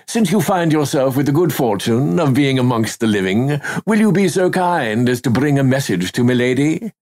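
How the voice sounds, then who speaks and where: A man voicing a tall gentleman ghost duelist who speaks in a formal, courteous way. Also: medium pitch, expressive, normal speed, voice pushed up, lightly acted. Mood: courtly.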